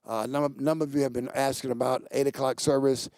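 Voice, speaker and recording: Gravelly-voiced playful pastor host. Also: male voice, quick pace, dry recording, studio quality. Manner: playful, jokes with the crew, animated pitch jumps. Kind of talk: casual church announcements. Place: studio set.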